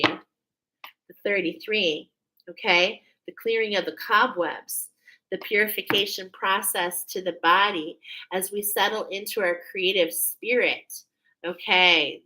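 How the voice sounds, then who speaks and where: A woman giving an intuitive oracle card reading to her viewers, earnest and searching, repeating phrases and pausing often with fillers. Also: mid-range voice, pushed and bright, rough recording. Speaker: spiritual card reader.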